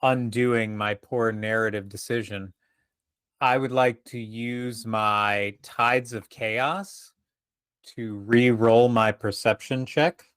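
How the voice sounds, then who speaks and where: Guy at a d&d table, slow wry talk, bright crisp voice. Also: mid-range voice, steady tone, dry recording. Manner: wry, deliberate, thinks aloud. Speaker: player. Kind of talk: casual tabletop play.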